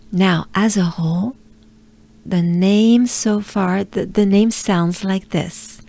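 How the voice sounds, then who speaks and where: A woman with a French accent leads a pronunciation lesson at a very slow, unhurried pace. Her pitch sits in an ordinary middle range, and she repeats each sound patiently while encouraging the listener. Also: mellow. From France. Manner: encouraging, repeats sounds slowly, laughs lightly. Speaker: pronunciation coach.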